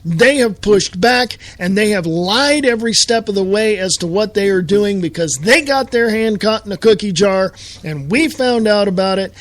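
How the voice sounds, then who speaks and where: A man's voice: sits high, dry recording. A man hosting a live show, delivering a heated, sarcastic political rant full of rhetorical questions.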